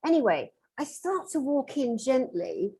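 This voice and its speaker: A woman's voice: sits high, a little slow, slightly rough, low-quality recording. A woman working as a metaphysical therapist, telling a story on a conference panel and acting out the lines of the people in it. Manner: animated, acts out quoted dialogue.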